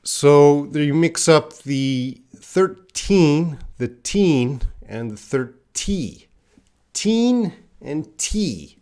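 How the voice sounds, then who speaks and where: Male English teacher, live class, slow and careful delivery, reads chat aloud. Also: fairly high pitch, dark tone, clear, resonant tone. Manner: slow, deliberate, drills words for students to repeat; chats with viewers, reading the live chat aloud. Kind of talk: live-streamed English lesson.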